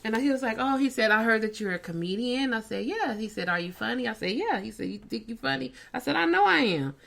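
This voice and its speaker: Animated woman telling a story. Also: a little high, quick pace, gravelly. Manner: animated storyteller acting out quoted dialogue. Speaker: comedian and podcast host. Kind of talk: casual chat, storytelling.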